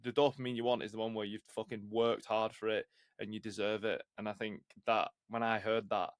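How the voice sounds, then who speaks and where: A man hosting a podcast interview, asking reflective, measured questions. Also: lowish voice, level tone, dry recording, studio quality. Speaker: podcast host. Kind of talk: conversational interview.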